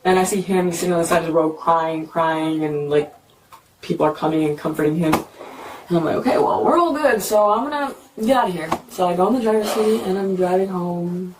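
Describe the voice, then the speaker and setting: Young woman telling a cop her side, lowish voice, lots of "like", far off on a noisy bodycam. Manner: fast, repeats "like", acts out quotes. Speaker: woman questioned by police. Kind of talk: retelling events to an officer. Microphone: police bodycam. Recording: noisy bodycam audio from a distance.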